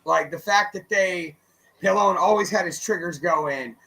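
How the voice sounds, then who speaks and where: A man's voice: high voice, a little slow, poor audio. A man co-hosting a radio show, telling stories in a casual chat and acting out his friends' lines as he goes. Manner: animated storyteller who acts out friends' lines; swears casually, many fillers.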